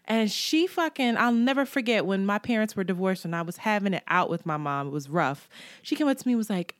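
Animated, salty-tongued woman podcast host. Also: mid-range voice, brisk, dry recording, clean studio sound. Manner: animated, profane, storytelling with quoted voices. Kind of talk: casual chat.

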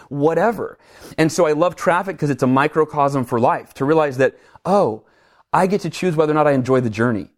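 A middle-aged man talking in an interview, energetic and animated, acting out his own reactions as he tells stories. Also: on the high side. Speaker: guest speaker. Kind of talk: conversational interview, storytelling.

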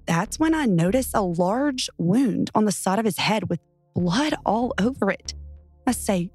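Woman narrator, earnest and tense, middle pitch. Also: moderate pace, soft background music. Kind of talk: narrated true first-person story.

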